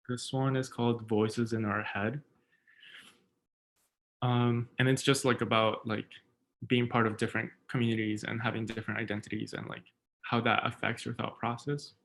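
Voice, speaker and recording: Young man reading poetry in a flat voice. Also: medium pitch, low-quality recording. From United States. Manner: quiet, hesitant asides with filler words between poems. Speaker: poet. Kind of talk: spoken word poetry reading.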